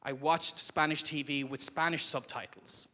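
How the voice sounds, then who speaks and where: A man speaks into a microphone at a conference, walking an audience through his ideas in a relaxed, conversational way. His voice sits a little high and has a bright, forceful edge. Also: moderate pace. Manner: conversational, explanatory. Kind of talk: live presentation. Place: conference room before an audience.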